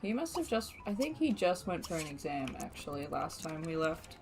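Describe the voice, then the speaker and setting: A woman's voice: sits low, big pitch swings, moderate pace. A young Australian woman with a mixed accent that sounds partly Boston American, chatting and rambling as she streams a game, laughing often. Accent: mixed, American Boston-like with Australian traces. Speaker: gaming streamer. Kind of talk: casual live-stream commentary. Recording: game music behind the voice. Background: game music and keyboard typing.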